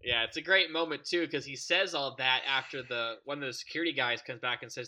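A man's voice: mid-range voice, bright, forceful tone. A man co-hosting a podcast, chatting enthusiastically and agreeably with a friend. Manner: enthusiastic, agreeable, quick to laugh. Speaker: podcast co-host. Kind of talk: casual fan discussion.

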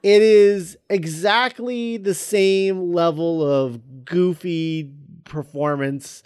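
A man co-hosting a casual movie commentary podcast, hesitant with many pauses and restarts. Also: high voice, darkish tone, clear, resonant tone, no echo, studio quality. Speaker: podcast co-host.

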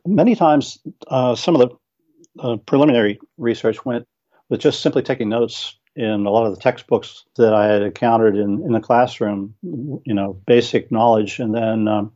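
An older retired teacher, a man, answering interview questions and reading his own verse and notes aloud in a measured, explaining way with some hesitations. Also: mid-range voice, warm tone, lo-fi sound. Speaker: guest author, retired teacher.

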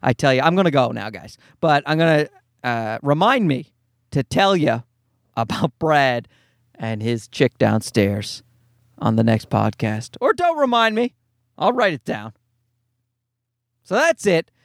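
A man's voice: medium pitch, sing-song, measured pace, creaky, pauses often, dry recording, clean studio sound. A middle-aged man hosting a solo podcast from a parked car, rambling and swearing with self-mocking humor. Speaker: podcast host.

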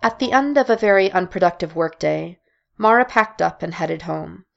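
A woman narrating a scripted story in a measured storytelling delivery. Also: on the low side, creaky, dull audio, soft background music.

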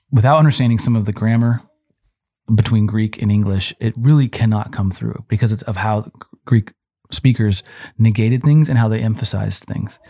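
A man's voice: fairly low pitch, mellow, dry recording, clean studio sound. A man co-hosting a Christian parenting podcast, explaining Bible passages in a conversational teaching way, with frequent restarts. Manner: explanatory, quotes scripture, many restarts.

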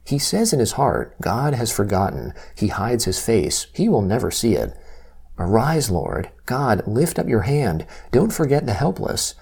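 A man reading scripture aloud at a measured, steady pace. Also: mid-range voice, gravelly, slightly rough. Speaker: scripture reader.

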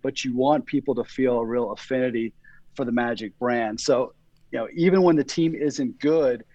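A man answering as an interview guest, explaining his work in a measured, earnest way. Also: medium pitch, mellow, dry recording. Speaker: guest, sports marketing executive. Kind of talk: casual interview chat. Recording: dry, slightly dull sound.

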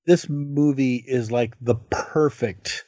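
Man, podcast co-host, casual film chat, rambling, lots of fillers, mid pitch, dull dry sound. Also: steady tone, takes it slowly, dark tone, no echo. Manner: rambling, with many filler words and restarts. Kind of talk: casual chat about films.

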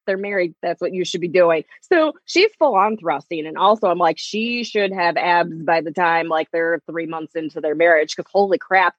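A woman chatting casually about a TV series, laughing often and acting out lines in playful voices. Her pitch swings widely and her voice has a slight huskiness. The recording sounds dry and somewhat dull. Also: slightly rough, no room sound. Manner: animated, laughs often, acts out quotes in voices. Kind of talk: casual chat reviewing a TV series.

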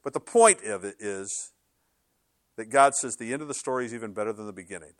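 Animated preaching man, dry close sound. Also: on the low side, a little fast, dry recording. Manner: animated, conversational preaching with sarcastic quoted asides. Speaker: pastor. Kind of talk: sermon.

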